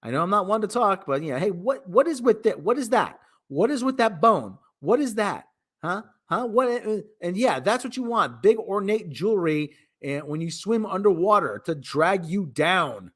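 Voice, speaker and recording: A man's voice: high-pitched, very animated, moderate pace, fairly bright tone. A man hosting his show, giving rambling, sarcastic, wisecracking commentary in a casual movie review. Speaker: host.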